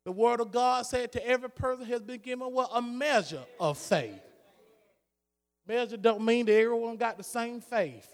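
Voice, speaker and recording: High-voiced, gravelly male preacher. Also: steady tone, fairly quick, hardly any pauses. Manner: repetitive, rhythmic preaching with a rising fervor. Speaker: pastor. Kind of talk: sermon. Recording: long hall reverb.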